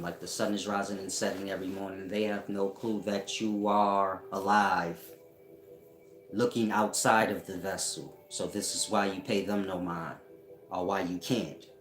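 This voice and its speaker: A man giving a casual spiritual teaching at home, talking slowly and often checking that listeners follow him. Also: on the low side. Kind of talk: casual esoteric teaching monologue. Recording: echoey room.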